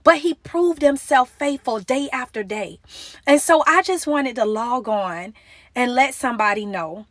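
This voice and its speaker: A woman's voice: high voice, animated, unhurried, fairly bright tone, no echo, studio quality. A young woman giving an earnest, emotional devotional talk into her phone, pleading with her listeners. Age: young adult. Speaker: motivational Christian speaker.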